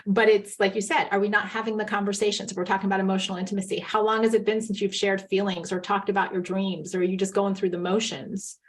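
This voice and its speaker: A woman's voice: mid-range voice, little pitch movement, fast, few pauses. A woman who coaches couples, a guest on an interview, explaining earnestly and acting out quoted lines. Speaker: marriage coach, podcast guest. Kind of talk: casual interview chat.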